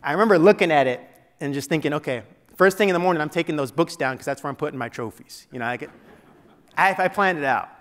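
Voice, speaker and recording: A keynote speaker with a slightly high, fairly bright voice tells a personal story in a motivational speech, speaking fast. He's loose and conversational, restarting sentences and dropping in filler like "you know." The long reverb of a large meeting hall rings around his voice.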